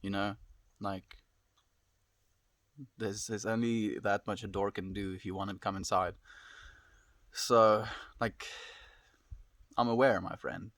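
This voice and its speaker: Young man, lowish voice, calm, reassuring, casual live-stream chat. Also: slow, pauses often, dry recording. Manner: calm, reassuring, says "my friend" a lot. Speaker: livestreamer. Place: at home.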